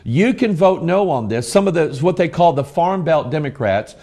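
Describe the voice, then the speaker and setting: A man's voice: on the high side, animated, moderate pace, mellow. A middle-aged American man hosting a broadcast, reading news articles aloud and commenting on them with passion. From United States. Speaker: preacher and broadcast host.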